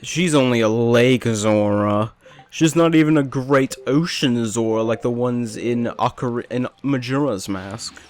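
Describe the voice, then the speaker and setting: A man's voice: medium pitch, measured pace, darkish tone, soft background music. A young man rambling through self-mocking gameplay commentary, with jokes and asides. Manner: self-deprecating, rambling, jokey. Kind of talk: rambling let's play commentary.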